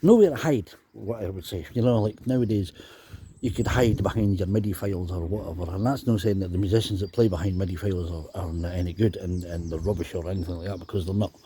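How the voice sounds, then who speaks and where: A man's voice: low voice, fast, dark tone, slight background noise. A Scottish man from Dundee in his fifties, telling chatty, rambling stories about his drumming days and often adding "you know". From Scotland. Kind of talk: casual storytelling monologue.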